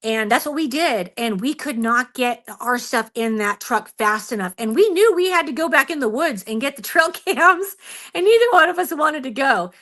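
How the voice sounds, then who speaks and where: A woman who is a guest on a radio talk show, telling a personal story in an animated, expressive way and laughing often. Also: sits high, moderate pace. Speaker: Bigfoot researcher guest.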